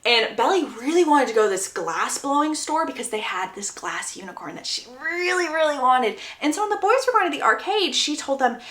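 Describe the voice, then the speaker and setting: A woman's voice: high-pitched, sing-song, a little fast, few pauses, a bit bright, echoey room. A woman casually retelling a book's plot, chatty and acting out the quotes. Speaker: book summary creator.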